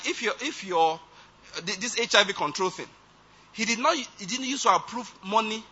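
A man's voice: sits high, bright, forceful tone, slightly rough. A man preaching a conversational sermon, often checking whether listeners follow his point. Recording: dull lo-fi sound.

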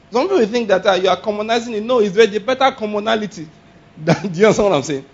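Male preacher, high husky voice, animated sermon delivery, lo-fi sound. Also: fast talker. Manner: animated, laughing, shouting exclamations, rhetorical questions. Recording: dull lo-fi sound.

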